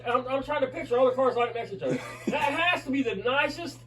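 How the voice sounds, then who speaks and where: A man's voice: very high-pitched, quick pace, a bit bright, distant mic. A man doing profane, sarcastic commentary over a played clip. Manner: profane, sarcastic, mimics people. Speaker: co-host roasting a video.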